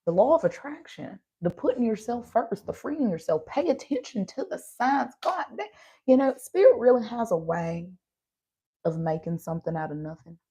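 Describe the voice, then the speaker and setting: A woman's voice: a little high, sing-song, normal speed, warm tone, slightly rough. A woman with a slight Southern country accent giving a casual tarot reading, chatty and tired after an overnight drive, asking "right?" as she goes. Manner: chatty, addresses viewers as y'all, frequent "right?" asides. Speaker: tarot reader.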